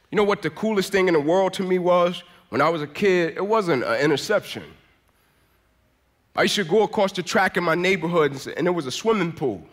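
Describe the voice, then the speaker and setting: A man's voice: fairly high pitch, expressive, brisk. A man in his thirties giving an emphatic motivational sermon as a guest speaker in a church, telling a personal story and acting out the dialogue.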